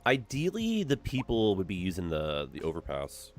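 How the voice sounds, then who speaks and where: Stuffed-up male streamer, low voice, very animated, faint music behind. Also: moderate pace. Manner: relaxed thinking aloud. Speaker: game streamer. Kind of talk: casual gameplay commentary.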